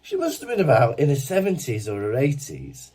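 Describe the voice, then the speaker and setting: A man, co-hosting a podcast and telling a lively anecdote in casual chat. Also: medium pitch, a little fast, breathy edge. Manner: animated anecdote-telling with laughs and acted quotes. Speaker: podcast co-host.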